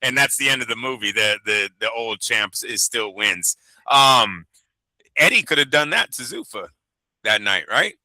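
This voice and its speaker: A man's voice: mid-range voice, animated, moderate pace, pushed and bright, no room sound. A man co-hosting a boxing talk show, chatting casually and profanely, rambling through stories and acting out quotes. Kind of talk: casual podcast chat.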